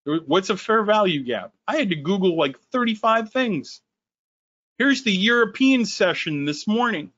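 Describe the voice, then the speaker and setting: Animated, sarcastic man on a webinar. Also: no room sound, highs cut off. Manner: animated, sarcastic, quick swings in pitch. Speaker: company founder. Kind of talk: sales webinar talk.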